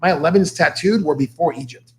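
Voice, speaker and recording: A man who talks fast and with constant energy, slightly high in pitch. He tells stories as a motivational guest on a studio talk show, in a loose, conversational way. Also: a little hiss or hum.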